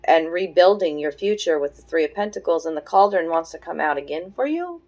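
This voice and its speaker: A woman with a low, deep voice reads tarot cards in a relaxed, conversational way. She muses softly and thinks out loud, pausing on fillers as she turns over each card. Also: rough recording. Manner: soft, musing, thinks aloud with many fillers. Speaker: tarot reader. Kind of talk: casual tarot reading.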